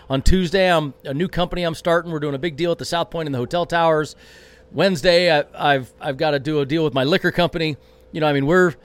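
A man answers interview questions with brash energy, rambling and restarting as he goes. His voice sits a little higher than most men's. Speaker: racing driver guest.

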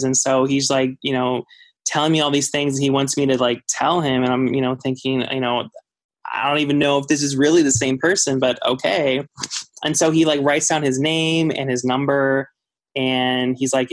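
A man's voice: mid-range voice, little pitch movement, normal speed. Rambling man telling a story. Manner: rambling, heavy use of "like", acts out quoted dialogue. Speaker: listener caller. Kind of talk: casual personal storytelling.

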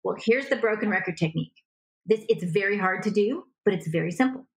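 A woman relationship coach talking in a conversation, animated and acting out little example dialogues. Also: medium pitch, brisk, low-quality recording.

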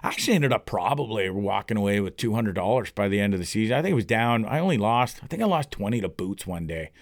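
A man's voice: fairly low pitch, lively intonation, fast, no echo, studio quality. A middle-aged man hosting a podcast, rambling and ranting with lots of swearing. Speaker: podcast host. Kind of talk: casual rambling monologue. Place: home recording for a podcast.

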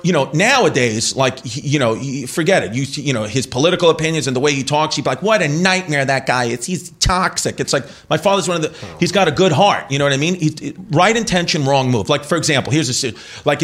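A man's voice: on the high side, a bit bright. A man in his forties, a comedian guest telling a story on a talk show in a rambling, self-interrupting way, slipping into voices for the people in it. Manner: rambling, self-interrupting, breaks into laughter and impressions.

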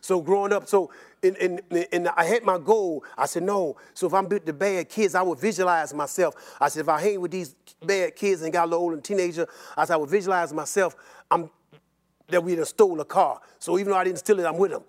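Older male guest, high voice, rapid animated rambling storyteller. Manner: animated and rambling, repeats words, laughs often. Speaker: interview guest. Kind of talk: personal storytelling in an interview.

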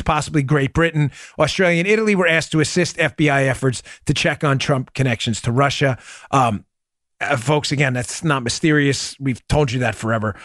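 A man's voice: on the high side, fairly bright tone, no echo, studio quality. A man hosting a political commentary podcast, talking emphatically and combatively, often calling his listeners folks. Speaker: podcast host.

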